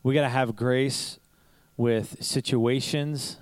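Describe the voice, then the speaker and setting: A man's voice: medium pitch, fairly even intonation, takes it slowly, smooth, dry recording, rough recording. A pastor preaching to his church in a conversational sermon, telling stories, asking rhetorical questions and chuckling now and then. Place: church service.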